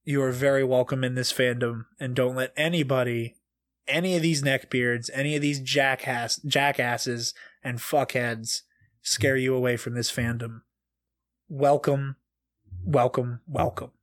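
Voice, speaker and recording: A man hosting a casual fan podcast, excitable and quick to swear, reading aloud with big exaggerated reactions. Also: mid-range voice. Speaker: podcast host.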